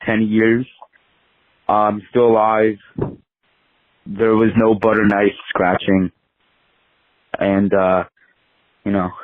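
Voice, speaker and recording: A man's voice: on the low side, no echo, narrow, tinny audio. A young man telling a rambling story into a voicemail, full of filler words. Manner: rambling, lots of filler likes. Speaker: voicemail caller. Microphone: phone. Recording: phone voicemail line.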